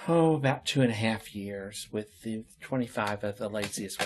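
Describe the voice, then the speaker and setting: A man's voice: medium pitch, very animated, a little slow, a bit bright. A man being interviewed, telling long stories about his work in theater in a casual, chatty way with frequent laughter. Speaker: interview guest.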